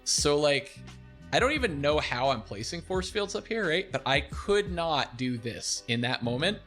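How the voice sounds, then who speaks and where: A young man streaming, casually talking through a replay of his own game, animated and self-deprecating, laughing often. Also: fairly high pitch, normal speed, soft background music.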